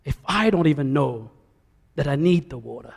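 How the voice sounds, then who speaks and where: A man preaching a sermon in a church, animated, swinging between loud calls and soft asides. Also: medium pitch, normal speed, gravelly, husky. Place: church sanctuary. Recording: echoey church hall.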